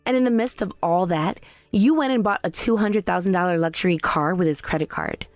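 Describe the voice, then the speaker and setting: A woman voicing a cool young wife in a scripted drama, who accuses in a calm, cutting way. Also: lowish voice, brisk, no echo, faint music behind, lightly acted. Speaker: daughter-in-law.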